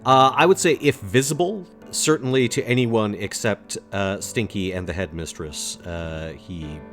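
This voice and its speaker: Deep-voiced man playing a tabletop game. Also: a little slow, fairly bright tone, faint music behind. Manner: asks the game master questions, out of character. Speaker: player.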